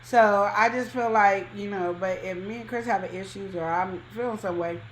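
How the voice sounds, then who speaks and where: A woman's voice: medium pitch, moderate pace. Woman, podcast co-host, emphatic and colloquial, slightly echoey room, faint hiss. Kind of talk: casual relationship advice chat.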